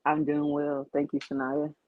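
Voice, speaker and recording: A woman with a Southern US accent hosts a casual crafting livestream from her home studio, chatty and thanking viewers as she works. The audio is dull and lo-fi, with a dry, close sound and no room echo. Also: low-pitched. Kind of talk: casual live-stream chat.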